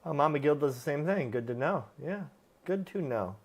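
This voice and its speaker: A man's voice: a little high, lively intonation, moderate pace. A man hosting a live stream, answering viewer questions about dogs in a plain-spoken, casual way with frequent fillers. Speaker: livestream host, dog trainer.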